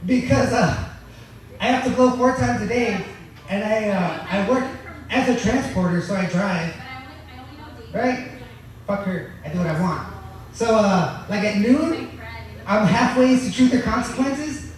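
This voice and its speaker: Performing at an open mic, a man with a high voice takes his time, leaving long pauses in his crude, profane, deadpan-boastful stand-up. The sound is distant and very echoey.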